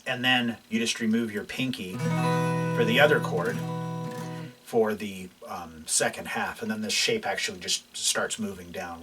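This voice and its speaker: Recorded from a distance, off mic, a guitar instructor with a fairly low voice teaches a casual lesson over his own playing. He's relaxed and loose in his explanations, full of fillers and restarts.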